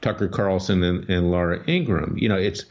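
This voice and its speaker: A man hosting political talk radio, lowish voice and an emphatic, combative way of laying out his case. The audio is dull and lo-fi, like an old radio broadcast. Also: brisk, darkish tone. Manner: emphatic, combative, scornful delivery. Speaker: radio talk show host and lawyer.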